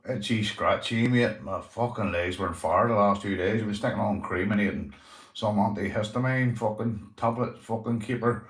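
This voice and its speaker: Speaking at normal speed in a lowish voice, this young Northern Irish livestream host, from Northern Ireland, greets his viewers casually, swears freely, and calls everyone mate. The room sounds echoey.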